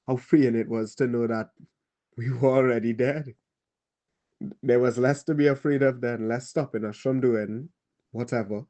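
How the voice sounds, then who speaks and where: A man with a Trinidadian accent playing a weary male survivor who tells a child about the war in a grave, halting monologue. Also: medium pitch, darkish tone, lightly acted. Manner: halting, grave, pauses and restarts. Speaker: storyteller. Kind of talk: dramatic monologue.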